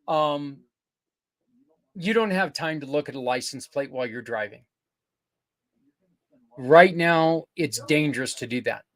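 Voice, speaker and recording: An older man hosting a podcast, earnestly pitching community partners in a rambling, casual way with many restarts. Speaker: podcast host. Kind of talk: casual promotional talk.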